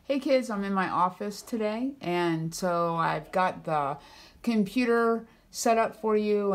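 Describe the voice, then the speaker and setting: A woman pastor giving a children's church lesson, explaining things in a friendly, simple way. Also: lowish voice. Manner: friendly, explains slowly to kids.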